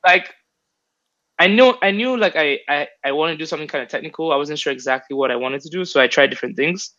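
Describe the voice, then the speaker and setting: A man's voice: a little high, fast, bright, forceful tone. A young man as an interview guest, talking casually in a rambling way with many fillers and restarts. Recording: dull lo-fi sound.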